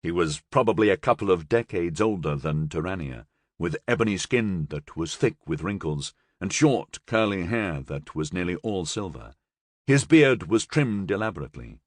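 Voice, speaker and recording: A man narrating an audiobook, reading with expressive storytelling from a close mic. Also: low voice, moderate pace, no room sound. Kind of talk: scripted narration.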